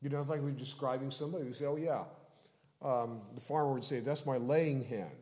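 A man preaching an expository sermon, explaining scripture in a measured way and slowing down to stress key phrases. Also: mid-range voice, a little mellow. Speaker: pastor.

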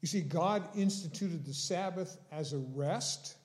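A man preaching a sermon in a slow, deliberate way, leaning on key words. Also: fairly high pitch. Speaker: pastor.

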